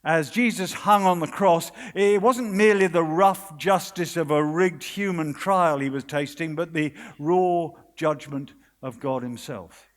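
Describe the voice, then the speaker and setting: High-voiced British preacher in a hall. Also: male voice. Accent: British English. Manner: earnest, dramatic, with hushed pauses and quoted voices. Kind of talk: sermon. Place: conference hall. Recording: long hall reverb.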